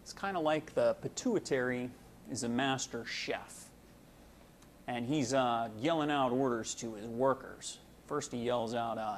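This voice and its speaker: A man's voice: mid-range voice, unhurried, a little hiss or hum. A man giving a casual medical lecture, folksy and full of fillers, explaining with homely analogies.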